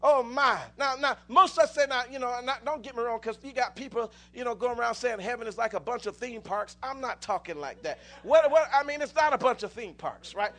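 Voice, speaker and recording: A man's voice: extremely high pitch, a little fast, hardly any pauses, fairly bright tone. A man preaching a sermon, telling stories with many restarts and rising into fervent exclamations.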